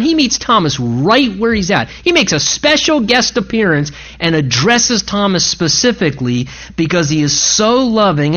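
A man's voice: high voice, a bit bright. Man preaching in church, earnest and pleading, voice swings all over, kinda dull lo-fi recording. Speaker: pastor. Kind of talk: sermon.

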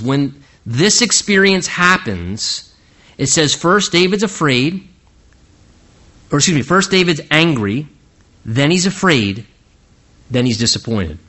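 Animated bright-voiced male preacher. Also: on the high side. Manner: animated, acts out quoted voices. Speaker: pastor. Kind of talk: sermon.

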